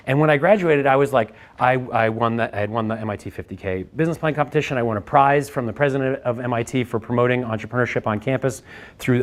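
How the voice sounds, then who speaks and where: A man in his thirties, a founder giving a candid storytelling talk, animated and profane, his voice jumping up when he relives his frustration. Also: medium pitch.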